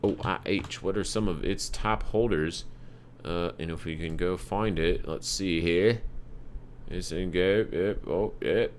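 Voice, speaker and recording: A man's voice: deep voice, a little slow, a little hiss or hum. Profane, rambling male chart streamer. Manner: loose, profane, jokey, rambling asides. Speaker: market analysis livestream host. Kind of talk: casual live chart commentary.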